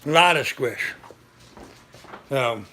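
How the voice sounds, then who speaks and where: Bright-voiced older man chatting on a live stream. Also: medium pitch, animated, takes it slowly, slight background noise. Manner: rambling, chatty, greets viewers. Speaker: livestream host. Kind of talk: casual live-stream chat.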